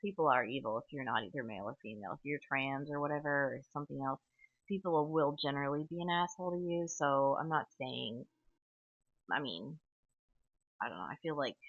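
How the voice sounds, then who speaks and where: A woman's voice: sits low, no room sound. A woman hosting a solo podcast, talking in a long rambling monologue full of tangents and "okay?" asides. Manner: tangential, chatty, frequent "okay?" and fillers. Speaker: podcast host. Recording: tinny, phone-like dry audio.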